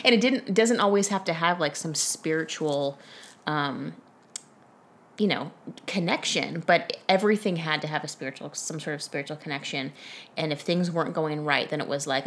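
A woman's voice: deep voice, normal speed, slight background noise. A woman chatting casually on a podcast, frank and reflective, with lots of "like" and "you know.". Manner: reflective, frank, frequent fillers. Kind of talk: casual chat.

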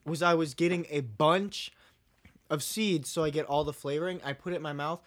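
A young man co-hosts a casual podcast, spinning an animated, swear-filled story. His voice sits fairly high for a man. The sound is dry and close to the mic. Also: moderate pace, dry recording. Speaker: podcast co-host. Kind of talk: casual chat.

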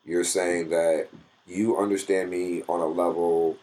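A young man in a casual interview, telling a personal story and jumping way up in pitch when he quotes himself. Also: measured pace. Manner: animated, swings his pitch way up when quoting himself. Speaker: guest.

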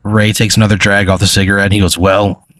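A man's voice: fairly low pitch, level tone, rapid-fire, a bit bright. A man narrating a tabletop role-play as game master, in a rambling style full of fillers.

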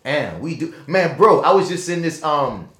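A man's voice: fairly high pitch, normal speed. New Orleans man telling a story in an echoey room. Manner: animated storyteller, swearing, slangy. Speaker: podcast co-host. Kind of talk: casual chat.

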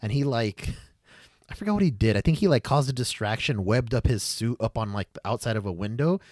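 A young man hosts a casual podcast chat, his voice sitting at a middle pitch. He talks excitedly and rambles, with plenty of fillers and casual swearing. The recording is dry and close. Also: fairly quick, no room sound. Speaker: podcast host.

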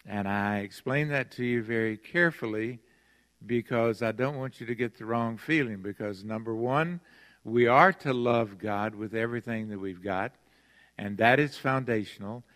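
An older pastor preaches to his congregation with earnest emphasis, slowing down to stress key words. His voice is at an ordinary middle pitch with a fairly bright tone, and it echoes with the long reverb of a large church sanctuary.

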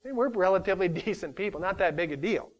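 A middle-aged man teaching a Bible study, preaching in a conversational, animated way with self-deprecating humor. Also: high-pitched, fast talker. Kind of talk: sermon.

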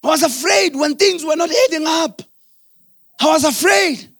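High-voiced pastor preaching. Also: male voice, normal speed, dry recording, clean studio sound. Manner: swings from shouted, sing-song peaks to low, quiet asides. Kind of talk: sermon.

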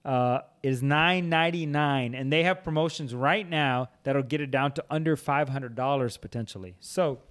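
A man from the United States hosting a podcast, arguing his points in animated casual banter and often laughing. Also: medium pitch, normal speed, hardly any pauses. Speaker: podcast host.

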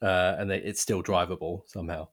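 A man's voice: deep voice, steady tone, fairly quick. A man co-hosting a casual film podcast, easygoing and laughing often as he recalls scenes. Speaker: podcast co-host. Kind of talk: casual film review chat.

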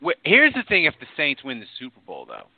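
A man hosting a sports talk radio show, talking in an emphatic, animated way and swearing freely. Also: on the high side, fast talker, dry recording. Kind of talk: casual sports radio banter. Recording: tinny phone-like sound.

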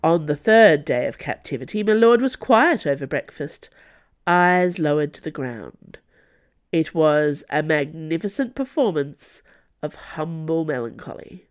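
A woman narrating a novel in a steady, even storytelling manner. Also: sits low, a little slow. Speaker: audiobook narrator. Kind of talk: scripted narration.

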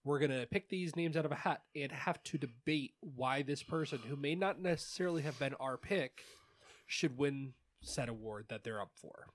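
A man's voice: medium pitch, normal speed, dry recording. A man hosting a casual sports podcast, talking in an easygoing way with plenty of ums and uhs. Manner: laid-back, many ums and uhs. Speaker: podcast host.

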